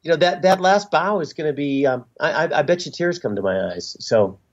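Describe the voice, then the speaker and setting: A man's voice: on the high side, lively intonation, brisk, lo-fi sound. A middle-aged man being interviewed as a musician guest, talking in a reflective, openly sentimental way with easy fillers. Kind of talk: interview conversation.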